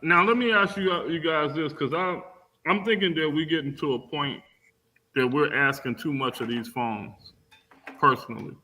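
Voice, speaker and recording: A man with a very bright, somewhat high voice speaking on a casual panel. He gives his view thoughtfully and without hurry. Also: normal speed, low-quality recording. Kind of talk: casual live panel chat.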